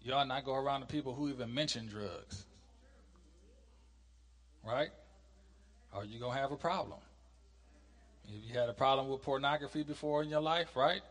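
A man leading a Bible study, reading scripture slowly and with emphasis, then explaining it in a casual, conversational way. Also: medium pitch, fairly bright tone, long reverb tail. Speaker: preacher.

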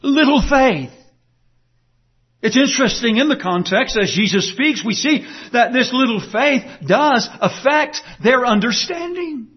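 A man delivers an earnest, emphatic sermon, pressing his listeners with rhetorical questions. His voice sits high for a man and carries a husky edge. The recording sounds dull and muffled. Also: animated, unhurried. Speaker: pastor.

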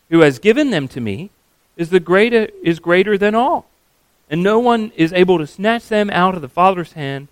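Guy preaching, kinda high voice, earnest, leans hard on key words, dry close sound. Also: dry recording. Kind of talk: sermon.

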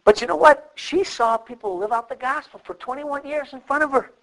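A middle-aged male pastor preaching a sermon, animated and acting out the voices of the people he quotes. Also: very high voice, fairly quick, creaky, poor audio.

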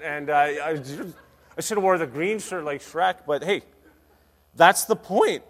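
A man preaching a sermon as a pastor, energetic and playful, with big swings in loudness. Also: fairly high pitch, measured pace. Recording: long hall reverb.

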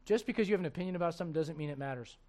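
A middle-aged man preaching with a high, lifted voice. He swings from hushed asides to loud, animated quoted voices and chuckles at his own jokes. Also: racing. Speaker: pastor. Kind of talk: sermon.

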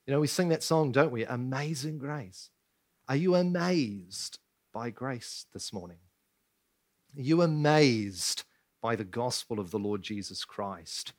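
A man's voice: medium pitch, lively intonation, unhurried. A man preaching a sermon as pastor, asking rhetorical questions and pressing his points with emphasis. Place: church.

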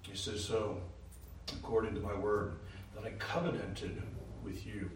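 A man's voice: fairly even intonation, unhurried. Preaching man in an echoey sanctuary. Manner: emphatic preaching, rising to loud declarations then dropping low. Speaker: pastor. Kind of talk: sermon. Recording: roomy, from a distance, faint hiss.

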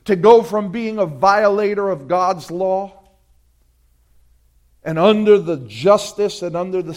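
A man preaching a sermon, swinging between loud emphatic appeals and quiet, dropped phrases, and urging his listeners directly. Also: a little high. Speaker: pastor.

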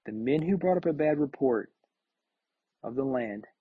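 A man's voice: medium pitch, lively intonation, moderate pace, husky, dry recording. A man teaching a Bible study verse by verse, reading scripture aloud and then commenting, often repeating words as he gathers his thoughts. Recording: dull, lo-fi recording.

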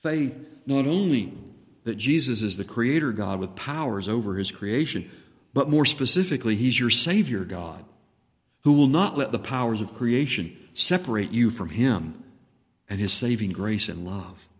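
Impassioned preacher in a reverberant hall. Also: male voice, animated, moderate pace. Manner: impassioned, swings between hushed and booming when voicing Jesus. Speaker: pastor. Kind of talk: sermon.

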